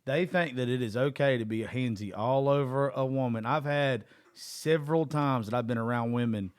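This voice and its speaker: A man's voice: medium pitch, normal speed, smooth, no echo. Blunt, profane man hosting a podcast. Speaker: podcast host. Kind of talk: casual chat.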